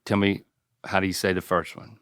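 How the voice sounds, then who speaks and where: A man's voice: low-pitched, level tone, a little fast, a bit bright. A middle-aged man hosting a casual podcast chat, teasing and acting out quoted voices. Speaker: host.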